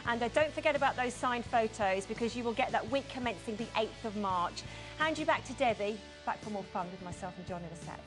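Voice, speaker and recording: A woman's voice: on the high side, lively intonation, brisk, music in the background, rough recording. A chatty woman presenting home shopping. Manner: chatty, reads out prices and item numbers. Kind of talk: television presenting.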